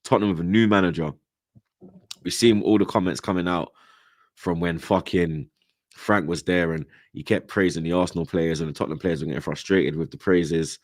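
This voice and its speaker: Young man, London accent, very deep voice, dry close sound, slangy ranting football host, swears a lot. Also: fairly even intonation, brisk, dry recording. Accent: London, multicultural London English slang. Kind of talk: heated casual football chat.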